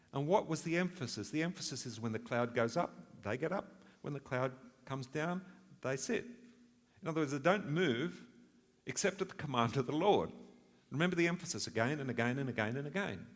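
A man's voice: mid-range voice, long reverb tail. A man preaching a sermon in an earnest way, asking rhetorical questions and swelling for emphasis.

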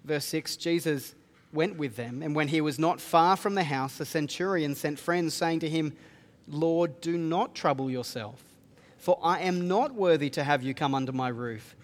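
A man preaching a sermon, reading scripture aloud and explaining it earnestly. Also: fairly high pitch. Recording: long reverb of a hall.

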